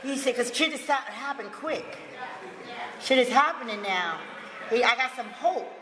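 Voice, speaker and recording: A woman giving a personal recovery testimony, emphatic and profane, breaking into loud outbursts and laughter. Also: a little high, expressive, normal speed, a crowd in the background. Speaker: recovery speaker. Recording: echoey hall with long reverb.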